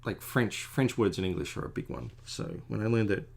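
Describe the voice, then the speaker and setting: A man's voice: on the low side, very animated, brisk, creaky. A middle-aged man, an artist, chatting casually and digressively as he works on a drawing, often poking fun at himself. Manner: chatty, digressive, self-deprecating. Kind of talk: casual rambling commentary while drawing.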